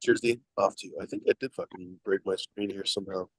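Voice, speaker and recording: A man's voice: sits low, steady tone, no echo, rough recording. A man hosting a casual video stream, rambling and stopping often to find his words. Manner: rambling, halting with fillers. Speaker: show host. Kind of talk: casual livestream chat.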